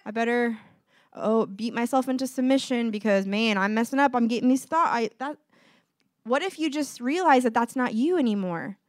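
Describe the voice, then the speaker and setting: A woman's voice: on the high side, normal speed, dry recording, clean studio sound. A woman giving an informal, earnest sermon, talking conversationally to her listeners and acting out little dialogues. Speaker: preacher.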